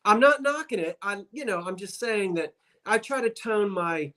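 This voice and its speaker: Appearing as a guest on a livestream video call, a South Jersey man with a Delaware Valley accent chats casually and rambles. His voice is high and a bit bright, at a moderate pace.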